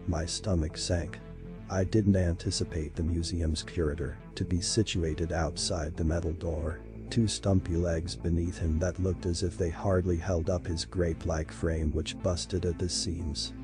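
A man reading a horror story in a slow, measured, dramatic style. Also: sits low, level tone, music in the background. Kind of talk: scripted horror narration.

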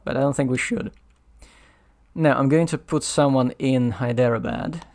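This man's voice is mid-range, gravelly and a little mellow, moving at a moderate clip. He's narrating a solo run of a strategy board game, muttering over the rules and thinking aloud as he picks his moves.

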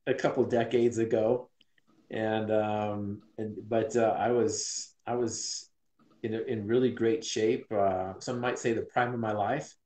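A man in his forties from Utah, earnestly and reflectively telling a personal story as an interview guest. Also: medium pitch. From Utah, USA. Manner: earnest and reflective, many restarts. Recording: roomy echo.

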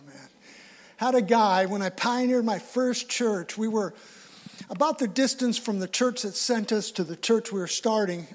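A man preaching a live sermon in church, telling stories and acting out what people say. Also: high-pitched. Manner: storytelling, acts out quoted voices. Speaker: pastor.

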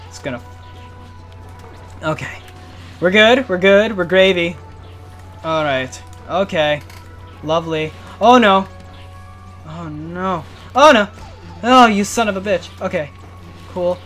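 A man with a bright, somewhat high voice gives let's play commentary into a desk mic. He keeps up a running stream of talk to himself and his viewers, breaking into panicky yelps and swearing, with faint game music underneath. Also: moderate pace. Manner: excitable, panicky outbursts and cursing while playing. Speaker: gaming channel host.

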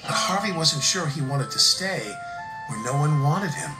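A man narrates a children's storybook with an animated, expressive delivery. His pitch moves about a lot as he tells the story. The reading sounds roomy, with music playing underneath. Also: moderate pace. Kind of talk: storybook read-aloud. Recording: roomy room with background music.

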